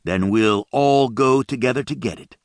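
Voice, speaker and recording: A man's voice: medium pitch, moderate pace, dry recording, studio quality, voice pushed up, natural voice. A man voicing a menacing young male drug dealer who drawls and taunts. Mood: threatening.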